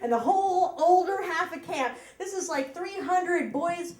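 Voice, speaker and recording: High-voiced woman telling a story on stage. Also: a little slow, darkish tone, roomy sound. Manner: chatty, self-mocking, laughs at her own lines. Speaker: storyteller at a live story slam. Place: live event room with audience. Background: audience laughter.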